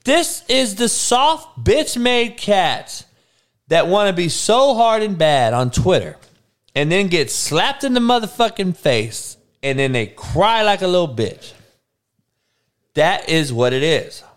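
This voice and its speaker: A man's voice: sits high, very animated, takes it slowly. A man in a crude, heated casual rant, swearing constantly.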